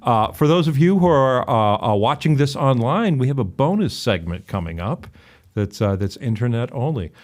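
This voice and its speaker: A middle-aged man with an ordinary mid-range voice hosts a relaxed chat. He trips over his words, repeating and restarting phrases before landing his point. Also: mid-range voice. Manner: halting, stammering restarts. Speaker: host. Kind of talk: casual talk-show chat.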